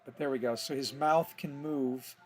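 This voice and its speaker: A man's voice: mid-range voice, fairly even intonation, normal speed, background noise. A man explaining his steps in an easygoing, think-aloud tutorial, correcting himself as he goes. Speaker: animation tutor. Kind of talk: casual screen-recorded tutorial.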